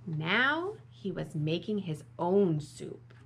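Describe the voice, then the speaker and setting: A woman librarian reading a picture book aloud at storytime, slow and expressive, asking the children questions. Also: on the low side, a little hiss or hum.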